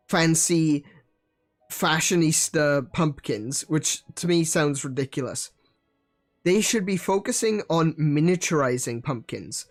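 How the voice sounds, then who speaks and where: A man chatting casually while streaming a video game, joking and talking to his viewers. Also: fairly high pitch. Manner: chatty, laughs at himself, many restarts. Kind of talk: casual let's-play commentary.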